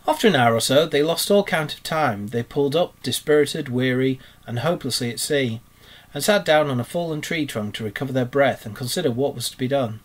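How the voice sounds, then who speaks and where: A man, a teacher, reading a children's story aloud in a steady, expressive narrating voice. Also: medium pitch, moderate pace.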